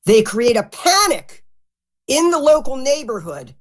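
A woman's voice: sits high, measured pace. A woman talking bluntly and profanely as a guest in a casual interview. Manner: animated, mimics others. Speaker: podcast guest.

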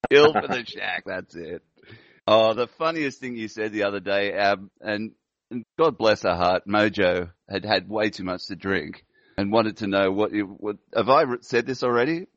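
A man's voice: fairly low pitch, moderate pace, no echo, highs cut off. A man hosting a casual online chat show, talking in a rambling way and laughing often. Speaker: host.

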